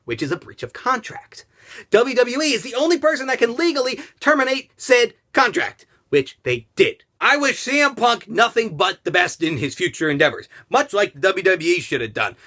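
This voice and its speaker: A man with a high, lively voice rants through a vlog, swearing freely and swinging his pitch up and down. His tone is bright and cutting, and he talks straight to his subscribers. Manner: profane, animated ranting; addresses subscribers directly. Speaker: vlogger. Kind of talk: ranting commentary vlog.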